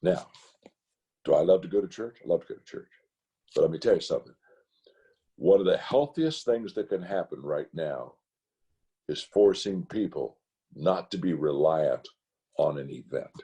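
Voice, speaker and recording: An older man, a pastor, telling stories in a roundtable talk, his voice climbing high into emphatic rants and dropping low again. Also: animated, normal speed, pauses often, dark tone, slightly rough. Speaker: pastor speaker. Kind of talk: roundtable talk, preacherly storytelling. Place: video call.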